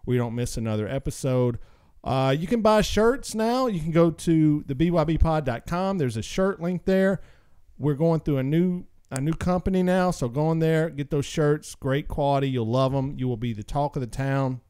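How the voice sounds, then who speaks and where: Male podcast host, jokey pitchman delivery, mid-pitched, clean resonant voice. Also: a little mellow, clear, resonant tone, no room sound, studio quality. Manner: upbeat, joking salesman patter. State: slightly out of breath. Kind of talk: casual show plugs and announcements.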